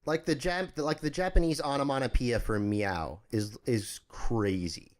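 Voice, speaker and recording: A man co-hosting a casual comedy podcast, teasing his friend with deadpan insults. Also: mid-range voice, unhurried. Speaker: podcast co-host.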